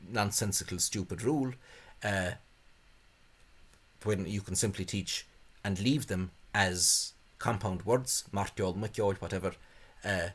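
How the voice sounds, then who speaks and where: A man's voice: low voice, unhurried, slightly rough. A man gives a spoken lecture on spelling, hesitant and full of fillers, with scornful asides. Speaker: language video host.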